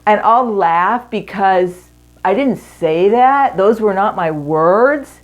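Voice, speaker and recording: A middle-aged woman giving an earnest teaching talk to women in a marriage seminar, speaking in measured phrases with pauses. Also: mid-range voice, expressive, highs cut off.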